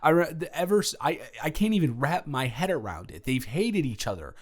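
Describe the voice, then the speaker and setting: A man's voice: a little high, big pitch swings, brisk. Flustered young man rambling in role-play. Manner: flustered, rambling, stammering restarts. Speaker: audio role-play creator. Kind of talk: improvised audio role-play.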